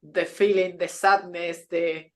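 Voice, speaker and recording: A woman in her thirties or forties, a podcast co-host, telling a personal story in an earnest, halting way, in non-native English with grammar slips and frequent restarts. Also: on the low side, little pitch movement.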